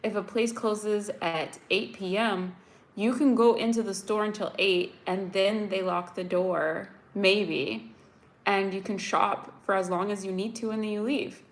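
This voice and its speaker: Young American woman vlogger, chatty and animated, telling viewers a story, near tears. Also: medium pitch, measured pace. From United States. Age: young adult. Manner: chatty, animated, many "like"s, addresses viewers directly. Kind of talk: casual storytelling to live viewers.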